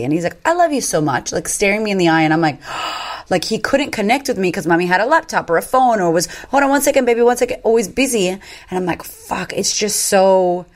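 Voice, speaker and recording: A woman in her thirties telling stories candidly as a podcast guest, swearing freely and acting out what people said. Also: lowish voice. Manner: animated, swears freely, acts out quotes. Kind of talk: candid conversational storytelling.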